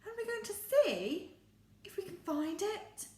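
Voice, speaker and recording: A woman with an English accent teaching a phonics lesson to young children, with big gasps and drawn-out sounds. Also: very high voice, big pitch swings, dark tone, roomy sound. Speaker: primary school phonics teacher.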